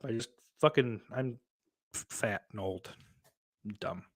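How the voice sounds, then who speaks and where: Speaking a little slowly in a lowish voice, a podcast host reads out viewer comments and chats casually. He rambles, swears often, and makes fun of himself.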